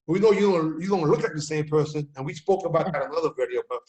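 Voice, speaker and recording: A man hosting a casual video chat, an animated storyteller who acts out the quotes he tells. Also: on the high side, fast talker, lo-fi sound. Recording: echoey room.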